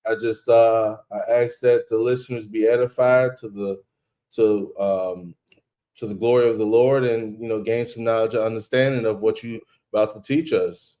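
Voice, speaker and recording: A man who co-hosts the lesson, speaking calmly and affirmingly with halting restarts. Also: lowish voice. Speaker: co-host.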